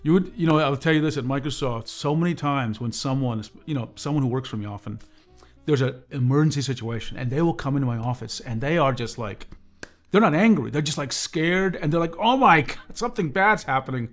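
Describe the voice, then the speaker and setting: A man hosting a casual livestream, reading viewer comments and talking in a calm, measured way. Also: mid-range voice, soft background music. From United States. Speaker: livestream host.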